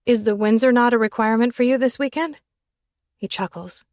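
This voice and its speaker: A woman narrating a first-person romance audiobook in an intimate, emotional manner that turns breathy at its quiet moments. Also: fairly high pitch, a little fast, no echo, clean studio sound.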